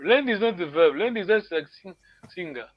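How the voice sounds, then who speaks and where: A man's voice: high voice, expressive, quick pace, no echo, highs cut off. A man teaching a language class online, correcting students patiently and encouraging them.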